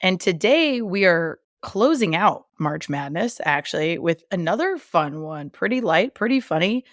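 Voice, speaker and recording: A woman with a somewhat low voice co-hosts a podcast. Her tone is wry and playful, with quick comebacks and easy laughter. The sound is dry and close-miked. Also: sing-song, no room sound. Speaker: podcast co-host. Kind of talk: casual chat.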